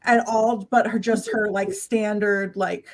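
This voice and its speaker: A woman's voice: medium pitch, steady tone, unhurried. A woman taking part as a player in a tabletop game, talking through her character's actions with many fillers and restarts. There is a faint noise under her voice. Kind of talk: casual tabletop play.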